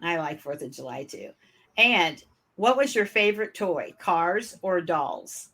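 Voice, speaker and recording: A woman's voice: on the low side, animated, a little slow, fairly bright tone. A woman from Michigan with a northern US accent, hosting a podcast interview in a friendly, chatty way with fillers. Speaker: podcast host. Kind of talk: casual interview.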